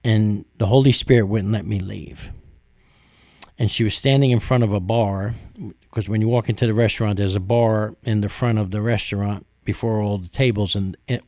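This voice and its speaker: A man from New York preaching, telling a personal testimony in an earnest, storytelling way with frequent pauses and fillers. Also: fairly low pitch, fairly even intonation, dark tone, dry recording, clean studio sound. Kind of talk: testimony sermon.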